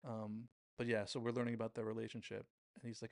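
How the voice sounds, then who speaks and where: A man hosting a show, casually recapping a TV episode scene by scene and quoting the characters in quick impressions. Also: on the low side, monotone, gravelly, no echo. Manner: retells scenes with quick quoted impressions, self-correcting. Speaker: podcast host reviewing a TV episode.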